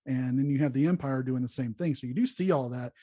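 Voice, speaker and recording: A man co-hosting a casual podcast chat, talking in an animated way and dropping into silly voices. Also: medium pitch, fast talker, no room sound, lo-fi sound. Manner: animated, jumps into silly voices when retelling skits. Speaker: podcast co-host, pastor.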